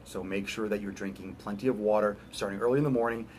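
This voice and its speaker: A man's voice: fairly low pitch, steady tone, a little mellow, slight background noise. A man coaching on fitness in a casual, emphatic talk, repeating his points and asking the listener questions. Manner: emphatic, repeats phrases, acts out quick voices.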